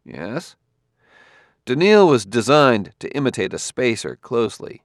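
A man voicing a wary male detective who talks crisply and gives orders. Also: mid-range voice, sing-song, unhurried, no echo, clean studio sound. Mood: commanding. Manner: sharp, giving crisp orders.

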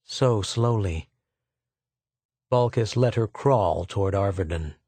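Slow, low-voiced male audiobook narrator. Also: a little mellow, slightly rough, no echo. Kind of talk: scripted narration.

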